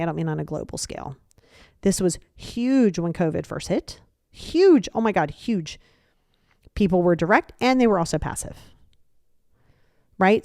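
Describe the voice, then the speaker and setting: A woman hosting a podcast, giving casual advice and acting out example dialogues in quick quoted voices, repeating phrases for emphasis. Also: mid-range voice, creaky, darkish tone, no echo, clean studio sound. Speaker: podcast host.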